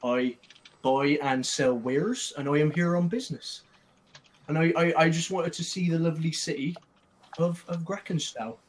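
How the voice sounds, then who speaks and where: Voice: mid-range voice, moderate pace, natural voice. A player voicing a small, chatty male travelling merchant who rambles and apologizes in a flustered way during a tabletop game. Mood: friendly. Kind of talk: tabletop role-play in character.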